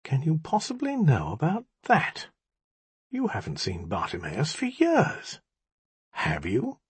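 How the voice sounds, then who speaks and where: Man doing a formal aloof young magician, quiet, measured, husky, lively pitch, dry audiobook. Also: dry recording, heavily acted. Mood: guarded.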